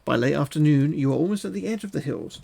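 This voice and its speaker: A man reads a fantasy gamebook on a live stream and breaks off often for crude, cheeky jokes. His voice is a little high and has a gravelly texture. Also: expressive, fast, warm tone. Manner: crude, joking asides. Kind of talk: reading a gamebook aloud with banter.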